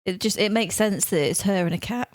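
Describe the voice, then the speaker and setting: A woman's voice: medium pitch, brisk, dry recording. A woman co-hosting a casual podcast, bubbly and affectionate, who teases her co-host freely. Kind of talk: casual chat.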